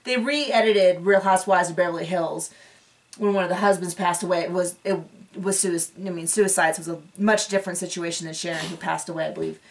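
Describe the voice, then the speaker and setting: A woman's voice: fairly low pitch, steady tone, a little fast, distant mic. A woman hosting a casual recap show, chatty and opinionated with sarcastic asides, recorded a bit away from the mic.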